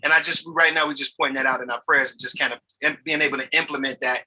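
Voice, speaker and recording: A man who is a pastor, talking casually and in a lively, preacherly way on a video call. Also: medium pitch, fast, rough recording. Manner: animated, preacherly, repeats "you know what I'm saying". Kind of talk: casual chat.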